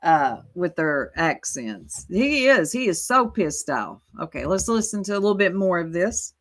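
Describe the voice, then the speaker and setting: Slow-talking Southern woman streamer. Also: on the low side, very animated. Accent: Southern American. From Southern United States. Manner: chatty, reacting to a clip and thanking viewers. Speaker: livestream host. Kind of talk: casual live-stream commentary.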